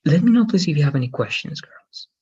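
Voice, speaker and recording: A man leads an online English lesson, walking his students patiently through each step. His voice is husky, and the video call audio sounds dull and muffled. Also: on the high side, big pitch swings, quick pace, darkish tone. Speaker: English teacher. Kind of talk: online class instruction.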